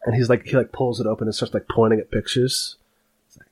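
A man's voice: mid-range voice, fast talker, slightly rough. A man narrating a tabletop game as game master, rambling with lots of fillers. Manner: rambling, filler-heavy, animated.

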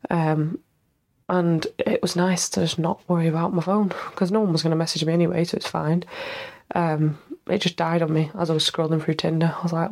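A woman's voice: deep voice, little pitch movement, moderate pace, gravelly, darkish tone. A young woman hosting a casual solo podcast, rambling and self-mocking, a little stuffed up with a cold and tired. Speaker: podcast host.

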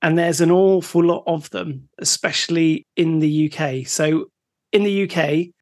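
A man's voice: fairly high pitch, fairly even intonation, a little slow, a little mellow. A man from the West of England near Bristol with a West Country accent, co-hosting a podcast, easygoing, laughing often and explaining the topic. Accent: West Country English. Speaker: podcast co-host. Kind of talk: casual podcast chat.

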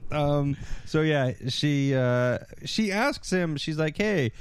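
A man's voice: a little high, lively intonation, takes it slowly, smooth, dry recording. A man chatting casually on a podcast, retelling an episode with frequent laughter and acted-out lines. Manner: giggly, rambling storyteller acting out characters' lines. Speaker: podcast co-host recapping a TV episode. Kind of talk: casual chat.

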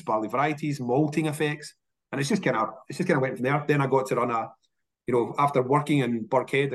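Chatty Scottish man. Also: medium pitch. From Scotland. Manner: animated, repeats words when restarting. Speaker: whisky industry guest. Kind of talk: casual interview storytelling.

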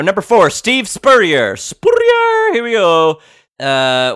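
A man hosting a podcast, casually reading out sports quotes and reacting with loud disbelief and swearing. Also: on the high side. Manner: incredulous, swears and reacts loudly. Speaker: podcast host.

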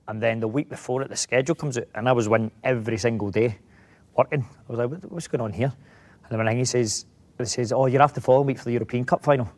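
A middle-aged Scottish actor, a guest in a casual interview, rambling through anecdotes with many restarts. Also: male voice, mid-range voice, darkish tone.

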